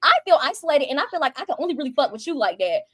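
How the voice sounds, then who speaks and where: Brief: high-voiced woman reviewer, heated and profane, quick delivery. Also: big pitch swings, dry recording. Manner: fast, heated, profane, acts out quotes. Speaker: reality show reviewer. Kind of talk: casual ranting commentary.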